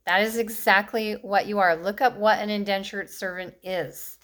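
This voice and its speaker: A woman's voice: medium pitch, fairly even intonation, normal speed, hardly any pauses, fairly bright tone. A woman in her fifties ranting passionately to camera, blunt and scolding, with short bitter laughs between points. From United States. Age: 50s. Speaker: vlogger. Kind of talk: impassioned political rant to camera.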